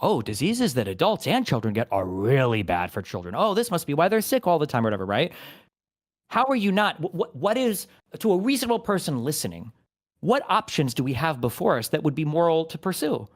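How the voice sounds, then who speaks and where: Man, young adult, online debater, rapid, pointed questions, lively pitch.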